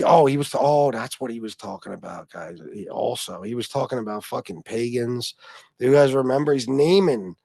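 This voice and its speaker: A livestream host chats casually in a mid-range, darkish voice, rambling, swearing often, and laughing as he reads viewer comments. The recording is clean studio sound with no room noise.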